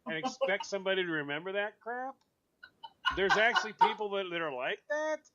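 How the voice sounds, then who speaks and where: A man hosting a radio show, chatting casually with a co-host, joking and animated. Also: high voice, muffled recording, very noisy. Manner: animated, joking, quick bursts of excitement; laughs often while talking.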